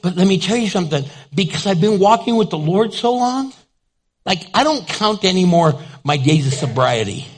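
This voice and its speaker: A man's voice: high voice, moderate pace. An older man preaching a sermon as pastor, telling stories and acting out the people in them. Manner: animated, acts out the people in his stories. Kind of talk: storytelling sermon.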